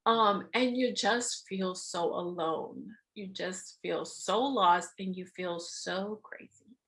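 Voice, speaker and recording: A woman's voice: on the low side, slow pace, fairly bright tone. A woman hosting a podcast interview, talking expressively in a casual chat, laughing often and swearing freely. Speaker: podcast host.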